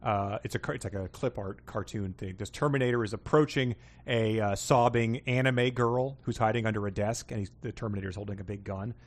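A podcast host casually reads out listener emails and submissions, wry and amused and using plenty of fillers. His voice is fairly low with a steady tone, and he speaks a little fast with hardly any pauses.

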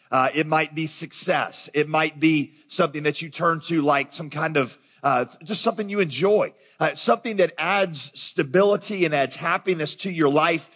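A man's voice: on the high side, a bit bright. A man preaching a sermon as pastor, talking conversationally and addressing the congregation directly. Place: large church auditorium. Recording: long reverb of a large hall.

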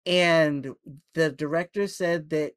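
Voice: medium pitch, takes it slowly, no room sound. A podcast guest in casual chat, telling anecdotes animatedly. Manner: animated storyteller.

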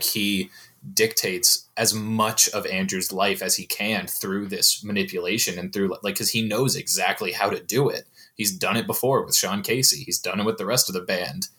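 A man's voice: low voice, steady tone, normal speed, bright, forceful tone. A young man talking as a guest on a movie podcast, rambling with lots of filler words. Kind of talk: casual movie discussion.

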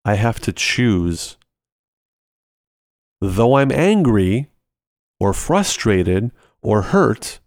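A man's voice: lowish voice, very animated, slow pace, long pauses, dry recording, studio quality. A man hosting a ministry podcast, teaching in a conversational way and walking through everyday examples step by step, repeating short phrases for emphasis.

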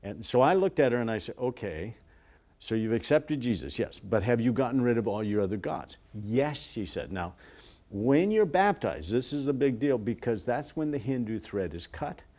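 A man in a TV interview, earnestly telling a story and acting out quoted voices softly. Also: mid-range voice, expressive, moderate pace. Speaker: guest, ministry worker.

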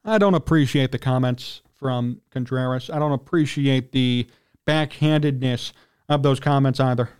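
A man hosting a sports talk radio show, ranting indignantly in a heated monologue and often clearing his throat. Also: medium pitch, moderate pace, darkish tone.

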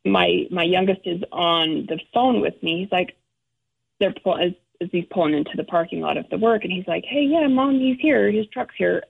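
A middle-aged woman, a guest, telling an emotional personal story in halting, restarting speech. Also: fairly low pitch, gravelly, husky. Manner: halting, restarts often, acts out quoted relatives. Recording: phone-like narrow sound.

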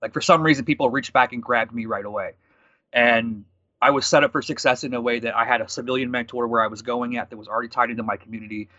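A man in his thirties telling a story from his working life in a quick, animated conversational way, quoting people as he goes. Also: mid-range voice, no echo, muffled recording. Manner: fast, animated storytelling with quoted dialogue. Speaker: guest.

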